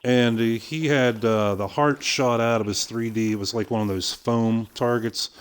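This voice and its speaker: An older man streaming a game, casually telling a long story with swearing and quick impressions of other people. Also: mid-range voice, fairly even intonation, smooth. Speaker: gaming streamer. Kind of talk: casual storytelling while playing.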